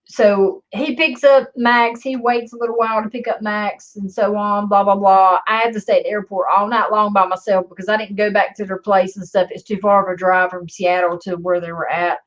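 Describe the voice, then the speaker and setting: A woman's voice: mid-range voice, little pitch movement, a little fast, few pauses. A woman telling a story in a rambling, sarcastic way and swearing often, in a slightly dull lo-fi recording. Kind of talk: casual storytelling vlog.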